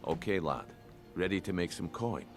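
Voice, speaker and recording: An actor playing a gruff male thief who gives blunt, terse orders. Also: sits low, expressive, moderate pace. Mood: scheming. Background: game music.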